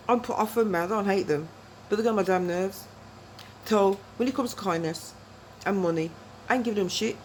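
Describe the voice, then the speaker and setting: A woman's voice: medium pitch, low-quality recording. Woman, middle aged, vlogging and rambling on, keeps going "you know what i mean", bit of faint noise behind. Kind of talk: rambling personal monologue to camera.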